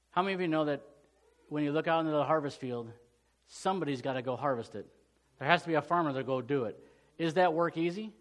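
A middle-aged male pastor preaching a sermon, swinging from loud, urgent peaks to hushed storytelling. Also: fairly high pitch.

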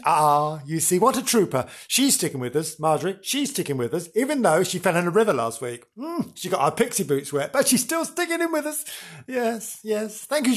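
A man presenting in a theatrical, camp way, telling spooky stories with gasps and playful asides. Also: high-pitched. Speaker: radio-style presenter. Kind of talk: comic spooky storytelling.

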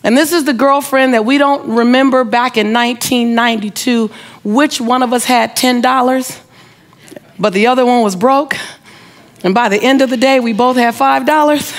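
A woman's voice: fairly high pitch, normal speed. A middle-aged woman telling a story during a motivational talk. She acts out the other people's voices and asks the audience question after question. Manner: audience-directed, repeated rhetorical questions. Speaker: motivational speaker. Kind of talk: inspirational speech.

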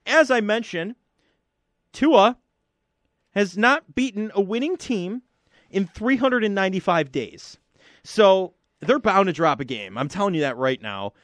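A man co-hosting a casual sports talk show in a studio. He laughs easily and gives animated opinions. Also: high-pitched, measured pace, dry recording. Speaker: sports radio co-host. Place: radio studio.

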